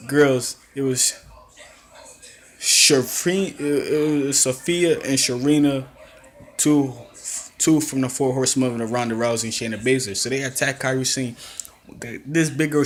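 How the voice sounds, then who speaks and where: A young man casually recapping a wrestling event, telling it in an animated way and acting out quotes. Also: mid-range voice. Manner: animated storytelling with acted-out quotes and laughs. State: coughing, throat acting up. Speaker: wrestling reviewer.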